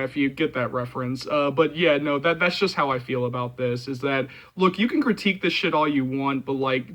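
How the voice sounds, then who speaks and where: A man's voice: a little high, fairly bright tone. A man hosting his own movie channel, ranting heatedly with many filler words and frequent swearing. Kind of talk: ranting vlog commentary.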